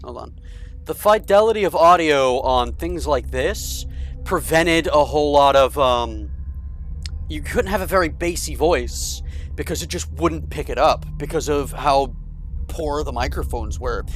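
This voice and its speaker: A man streaming a co-op game with friends, chatting excitedly and explaining things at length. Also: mid-range voice, moderate pace, rough recording. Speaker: gaming streamer. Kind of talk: casual co-op game chat.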